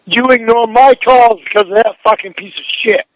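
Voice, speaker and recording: A man with a strikingly high voice rants down a dull, muffled phone line. He is furious, swears nonstop and barks demands. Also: steady tone, a little fast. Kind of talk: heated phone call.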